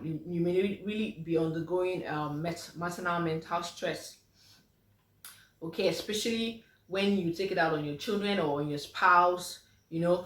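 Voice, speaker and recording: A woman physiotherapist with a lowish, fairly bright voice gives an informal health talk to mothers, chatty and full of fillers, acting out the replies she quotes. She speaks from off mic at a distance in an echoey room.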